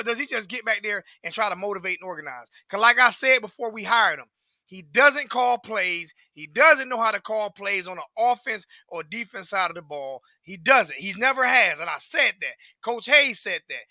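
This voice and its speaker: A man's voice: high voice, bright, forceful tone, no echo, studio quality. A man, ranting profanely and repetitively as a sports fan commentator. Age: 40s.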